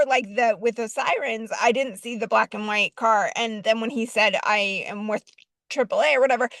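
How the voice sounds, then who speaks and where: A woman's voice: a little high, no echo. Chatty rambling woman, dry sound. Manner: rambling with many fillers and restarts. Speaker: vlogger telling a personal story. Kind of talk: casual storytelling to camera.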